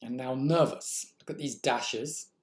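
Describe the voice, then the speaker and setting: A man's voice: mid-range voice, a little slow. A man lecturing on literature, thinking aloud and posing rhetorical questions to his students. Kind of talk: recorded lecture. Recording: echoey room.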